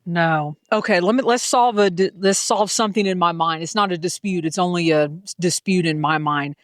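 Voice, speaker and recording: A woman's voice: on the low side, normal speed, no room sound, clean studio sound. A woman with a Southern US accent vlogging casually from a mountain summit, chatty and self-deprecating, filmed on a handheld phone. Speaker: hiker and vlogger. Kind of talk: casual trail vlog.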